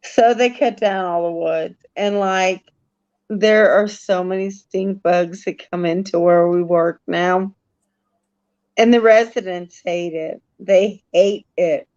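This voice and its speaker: Slow-talking woman on a dull line. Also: lowish voice, fairly even intonation, darkish tone. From Missouri. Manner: slow, drawn-out storytelling. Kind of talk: casual live chat.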